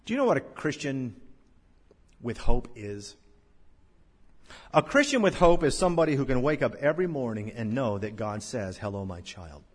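A male pastor preaching a sermon, swelling to loud, drawn-out scripture recitations and dropping to hushed lows. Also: big pitch swings, husky. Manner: slow, drawn-out recitation of King James verses. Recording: long church-hall reverb.

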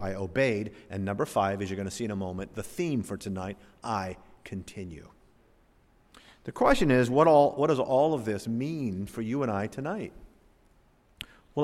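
Man preaching, dramatic swings from loud to hushed, long hall reverb. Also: mid-range voice. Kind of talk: sermon reading and expounding scripture.

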